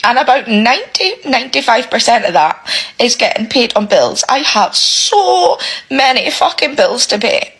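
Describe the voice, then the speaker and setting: A woman's voice: on the high side, big pitch swings, moderate pace, fairly bright tone, breathy edge, rough recording. A British woman, a single parent, in an emotional rant to camera, swearing heavily and repeating herself, close to tears.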